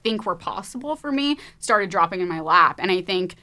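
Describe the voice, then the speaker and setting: A woman's voice: medium pitch, lively intonation, moderate pace, sharp tone. A young woman chatting as a podcast guest, upbeat, laughing often and using lots of filler words. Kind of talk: casual chat.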